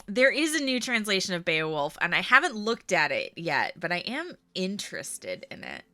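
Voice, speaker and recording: A woman's voice: mid-range voice, wildly swooping pitch, normal speed, bright, forceful tone, no room sound. Woman streamer, casual and rambling, close dry mic. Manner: chatty, rambling, laughs often. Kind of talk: casual chat.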